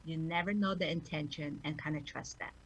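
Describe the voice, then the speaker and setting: A woman's voice: low voice, steady tone, fairly quick, husky, highs cut off. A woman religious sister speaking earnestly as a radio guest and offering a prayer. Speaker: nun, guest. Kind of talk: radio interview and spoken blessing.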